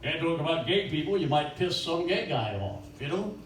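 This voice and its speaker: Older male comic, crude rambling one-liners, slightly high voice, caught on a distant mic in a roomy space. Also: animated, moderate pace, slight background noise. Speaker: stand-up comedian. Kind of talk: stand-up comedy at an open mic. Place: small bakery venue with few people. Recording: roomy echo from a distant mic, faint ambience.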